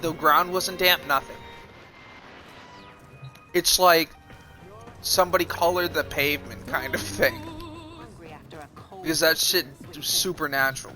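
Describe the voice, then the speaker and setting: A man telling a story on a live stream, swearing often in a loose, animated way. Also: on the high side. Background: music.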